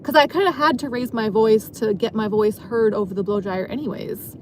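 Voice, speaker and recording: A woman with a slightly high voice talks from her car in a loose, rambling vlog monologue. She is self-mocking and breaks into laughter often. A faint hum of noise sits behind her. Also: fairly quick. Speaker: vlogger and dancer. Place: parked car.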